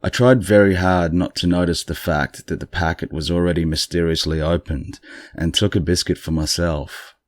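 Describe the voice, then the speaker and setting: Low-voiced man, stuffy morning voice. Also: normal speed, no room sound, clean studio sound. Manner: relaxed, chatty, dryly amused. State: congested morning voice. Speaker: podcast host. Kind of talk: casual story retelling.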